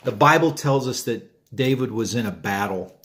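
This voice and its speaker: A man's voice: medium pitch, animated, normal speed, a bit bright. A man gives a short devotional as a pastor, easygoing and conversational. He tells his story in a storytelling way and talks through a mouthful of food now and then. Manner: chatty, storytelling, eating while talking.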